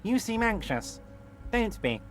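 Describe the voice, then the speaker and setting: A man voicing a smooth, condescending businessman in a game who talks down in a soothing way. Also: high-pitched, very animated, slow, soft background music, exaggerated voice. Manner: soothing and patronizing.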